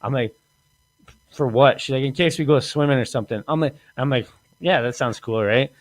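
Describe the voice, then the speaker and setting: Man, podcast host, rambling crude storytelling, laughs a lot, mid pitch. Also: normal speed. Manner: rambling, laughs often, acts out quoted lines.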